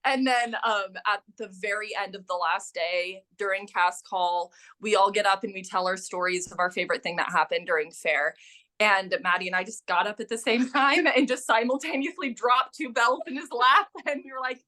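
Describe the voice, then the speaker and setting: Twenties woman guest, animated storyteller, bright crisp tone, casual chat. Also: mid-range voice, moderate pace. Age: 20s. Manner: animated storyteller, filler-heavy with lots of "like". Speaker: guest, renaissance fair performer.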